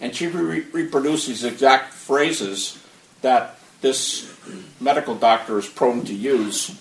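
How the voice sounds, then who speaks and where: A man's voice: mid-range voice, slow. A man giving a conversational, anecdotal talk who acts out the people he quotes. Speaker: speaker on near-death experiences. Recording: roomy, distant mic, faint noise.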